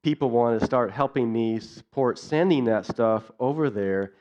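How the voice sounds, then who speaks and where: A man's voice: medium pitch, normal speed, darkish tone, lo-fi sound. Earnest man giving a church missions talk. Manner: earnest, builds repeated lists. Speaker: missions speaker.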